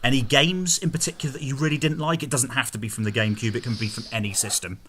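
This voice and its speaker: A man hosting a casual conversation, with a bright, forward tone. He leads the questions in a relaxed, easygoing way. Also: medium pitch, fast talker, slight background noise. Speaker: host. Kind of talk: casual chat.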